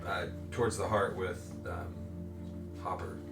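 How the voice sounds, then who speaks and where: A man's voice: sits low, level tone, a little slow. A man playing a tabletop game, talking casually and hesitantly. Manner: hesitant, filler-heavy talk. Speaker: player. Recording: roomy, far from the mic, loud music behind.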